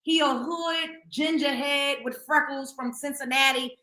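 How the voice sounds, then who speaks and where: Bright-voiced woman dishing gossip. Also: high voice, unhurried, roomy sound. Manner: blunt, profane, animated, stumbles over repeated words. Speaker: gossip show host. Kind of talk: casual celebrity gossip commentary.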